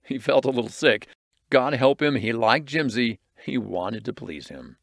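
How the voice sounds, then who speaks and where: Man narrating with a lively voice. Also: mid-range voice, a little slow, creaky, no echo, clean studio sound. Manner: expressive, varied reading. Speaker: audiobook reader. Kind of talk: storybook narration.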